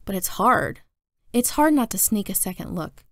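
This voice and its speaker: A woman reading a novel aloud as first-person narration, telling it in an even storytelling manner. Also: mid-range voice, moderate pace, dry recording, clean studio sound. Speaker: audiobook reader.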